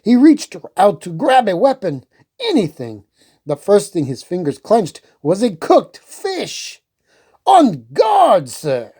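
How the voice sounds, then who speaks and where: A woman reading a storybook aloud in an unhurried, expressive way. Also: mid-range voice, breathy edge.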